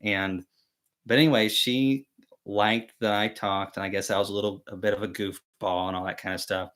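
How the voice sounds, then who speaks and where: Young male host, low voice, easygoing storyteller who rambles and restarts, self-deprecating humor. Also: steady tone, moderate pace, a bit bright. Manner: rambling, chatty storytelling with many fillers and restarts. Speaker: beekeeping channel host. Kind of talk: casual live-stream chat.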